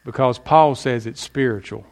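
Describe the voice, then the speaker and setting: A man's voice: medium pitch, moderate pace. A middle-aged man preaching a sermon with emphatic delivery and folksy stories. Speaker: pastor.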